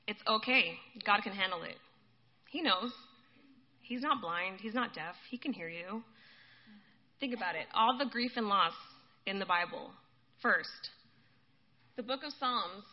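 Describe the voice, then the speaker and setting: A woman giving a casual sermon, talking conversationally to her listeners and calling them guys. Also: mid-range voice. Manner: conversational, addresses listeners as guys, laughs often. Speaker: preacher. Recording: dull lo-fi recording.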